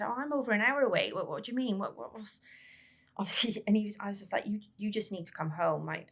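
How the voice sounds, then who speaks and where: Fairly low, gravelly, and slightly rough, this woman's voice carries her story as a parent of a child with a brain injury. On a podcast, she talks haltingly, repeats words, and acts out the dialogue she recalls.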